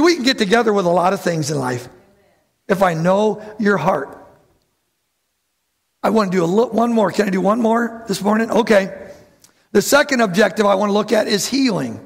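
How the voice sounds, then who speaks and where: A man preaching a lively sermon to his church, who acts out the voices of bible figures and calls out to the congregation. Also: high-pitched. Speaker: pastor.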